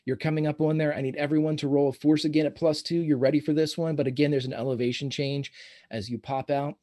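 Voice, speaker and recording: A man running a tabletop role-playing game, describing scenes in a halting, descriptive way. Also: a little high, flat delivery, warm tone. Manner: descriptive, halting narration with restarts. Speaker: game master.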